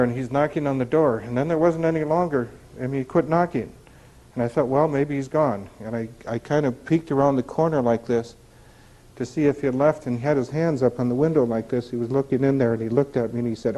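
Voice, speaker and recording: Man, middle-aged, recovery speaker, talking to a group, conversational, rhetorical questions, warm mellow tone. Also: on the high side, rough recording. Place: retreat center meeting room.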